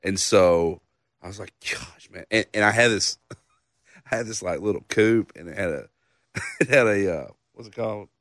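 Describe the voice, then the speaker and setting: Low-voiced guy in his 30s telling a story, laughs a lot, dry close mic. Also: moderate pace, long pauses, a bit bright, no room sound. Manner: laughing, loose storyteller, says man and dude. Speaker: songwriter guest. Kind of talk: casual storytelling on a podcast.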